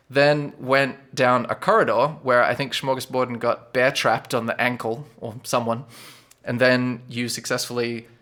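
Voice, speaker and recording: A man narrating as game master for a tabletop game, relaxed and loose, filling his recaps with "sort of" and "like". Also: mid-range voice.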